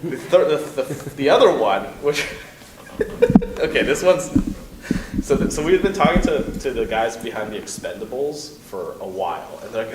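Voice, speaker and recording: A man's voice: medium pitch, animated, normal speed. A man telling a long story as a panel guest at a convention, rambling with lots of fillers and restarts. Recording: echoey hall from far off, noisy.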